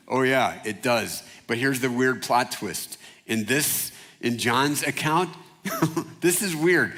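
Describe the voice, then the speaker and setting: Male pastor, mid-pitched, casual animated preaching, long hall reverb. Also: a little slow. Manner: casual and animated, acts out quotes in voices. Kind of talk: sermon. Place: church hall.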